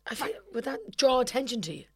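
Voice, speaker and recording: Lively Irish woman, sweary and emphatic. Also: fairly high pitch, fast, slightly rough. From Ireland. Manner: swears a lot, animated and emphatic. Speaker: podcast co-host. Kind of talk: casual chat.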